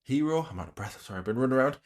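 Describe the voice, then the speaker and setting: A man's voice: medium pitch, lively intonation, racing. A man reacting to a livestream, talking bluntly with an exasperated, ranting manner. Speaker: reaction commentator.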